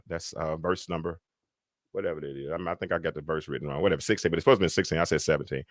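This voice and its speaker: A man hosting a livestreamed Bible lesson. He shifts between loud, high-pitched preaching and quiet muttered asides, and he often stumbles and restarts. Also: very fast, no room sound. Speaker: preacher and podcast host. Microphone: computer mic on a livestream.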